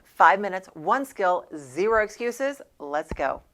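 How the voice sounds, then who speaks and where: A woman coaching salespeople in a scripted training talk. Her delivery is emphatic and punchy, and her pitch sits in a middle range for a woman. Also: big pitch swings, slow pace. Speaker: sales trainer and show host.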